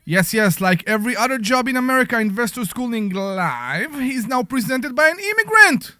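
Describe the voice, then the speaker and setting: A man's voice: very high-pitched, big pitch swings, normal speed, bright, forceful tone, no echo. A man with an Israeli accent hosting a casual radio talk show from a studio, joking and poking fun at himself. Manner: joking, self-mocking.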